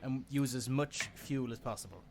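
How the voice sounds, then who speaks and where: A man's voice: mid-range voice, moderate pace, a crowd in the background. A man, a tabletop game player, introducing his character in a playful, self-mocking way. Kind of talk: casual tabletop role-play chat.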